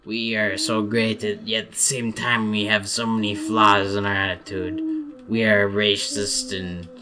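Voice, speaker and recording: A man voicing a smug, mocking caricature of a man, slow and emphatic. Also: fairly low pitch, little pitch movement, natural voice.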